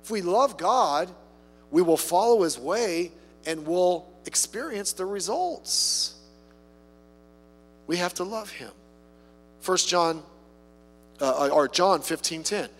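A man's voice: sits high, lively intonation, slow pace, pauses often, soft background music. A man preaching a sermon in a conversational way, with rhetorical questions and humorous asides. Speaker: pastor. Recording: long reverb from a hall.

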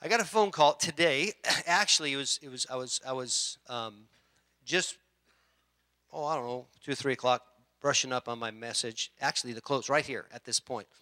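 A middle-aged man preaching as a pastor, conversational and halting, often clearing his throat and restarting sentences. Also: mid-range voice, sharp tone. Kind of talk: sermon.

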